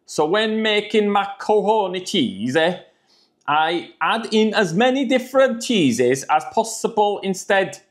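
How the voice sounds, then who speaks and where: A man's voice: high-pitched, animated, a little slow, pitched above the performer's own voice. A man voicing a jolly Italian celebrity chef with a put-on Italian accent, reading a food package in a hammy way. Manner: hammy, playful.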